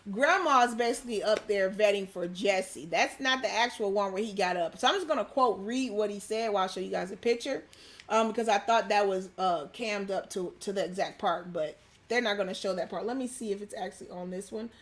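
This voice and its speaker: A woman's voice: medium pitch, a little fast. A young adult woman hosting a livestream, reading news quotes aloud in a chatty way with many ums and asides. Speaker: livestream host.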